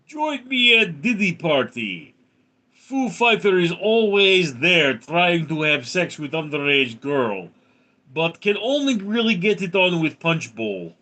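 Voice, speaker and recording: A man puts on a boastful character with a heavy Russian accent that drops its articles. The voice sits higher than his own and carries a bright, forceful edge. He delivers it slowly and deliberately. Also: big pitch swings, heavily acted. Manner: broken English, dropped articles.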